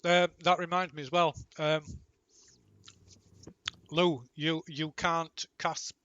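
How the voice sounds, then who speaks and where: Man running a tabletop game, slightly high. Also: level tone, slow, fairly bright tone, clear, resonant tone, lo-fi sound. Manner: patient, explains rules with fillers and restarts. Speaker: game master.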